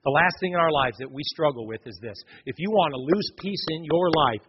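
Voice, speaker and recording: A man's voice: fairly high pitch, animated, fairly quick, noisy background. A man preaching a sermon, speaking emphatically and telling stories as he addresses the congregation directly. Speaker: pastor. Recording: echoey hall, dull lo-fi recording.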